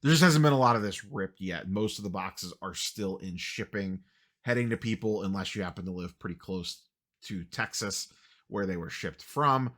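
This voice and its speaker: Dry-humored man with a bright, forceful voice. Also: sits low, normal speed. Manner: dry, wry self-deprecating delivery with many "uh" fillers. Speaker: sports card channel host. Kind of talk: casual market update monologue.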